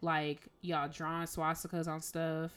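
An emphatic woman podcast co-host lets off steam in a casual rant. Her voice is bright and forceful, sitting a little low. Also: flat delivery, unhurried, smooth. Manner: exasperated, emphatic, conversational slang.

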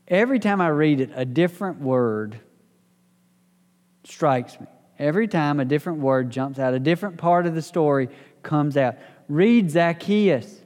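A man's voice: fairly high pitch, darkish tone. A man teaching a church Bible study in a conversational way, often repeating and restarting his phrases. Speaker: pastor. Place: church hall. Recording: echoey hall with long reverb.

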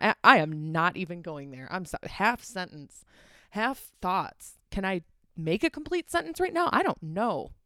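A woman's voice: on the low side, vocal fry, pushed and bright, dry recording, clean studio sound. Rambling, profane young woman podcaster. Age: young adult. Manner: rambling, profane, easily sidetracked. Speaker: podcast host. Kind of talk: casual solo podcast rant. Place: her apartment at home.

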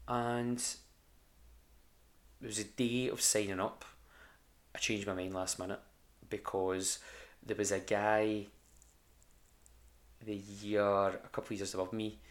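A young Scottish man telling rambling, sweary stories about his old jobs in a casual podcast chat, full of ums and restarts. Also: on the low side. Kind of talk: casual storytelling.

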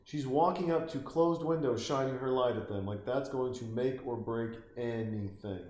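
A man's voice: medium pitch, moderate pace, echoey room. A man giving a comedic, profane commentary while watching a movie, ranting, mocking the characters and acting out little voices. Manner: swearing, animated, mocking, acts out voices.

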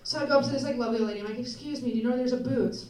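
An American woman telling a story on stage as stand-up, animated and laughing through her lines. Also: a little high, very fast. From United States. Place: live show before an audience. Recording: live venue, roomy, distant mic, loud crowd.

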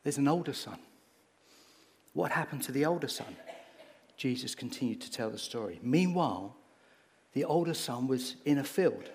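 A man preaching a sermon, acting out a Bible story with lively energy and getting short of breath as he moves about. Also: medium pitch, normal speed, long pauses. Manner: animated, acts out the story, gets breathless.

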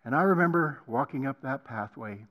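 Forceful older man preaching testimony. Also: medium pitch, animated, moderate pace. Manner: emphatic, swings between hushed and loud. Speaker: guest preacher. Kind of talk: personal testimony sermon. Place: college campus hall.

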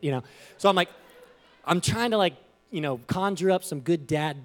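A man preaching a storytelling sermon with a very lively, up-and-down pitch. He talks loosely and conversationally, full of asides, and he acts out the voices in his story with sudden jumps between quiet and loud. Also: normal speed, long pauses. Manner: animated, conversational, with frequent "you know" asides.

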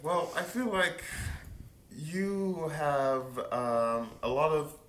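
A man's voice: on the high side, fairly even intonation, extremely slow, fairly bright tone, slight background noise. A man co-hosting an improvised comedy call-in, hesitant and stammering, often trailing off. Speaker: co-host.

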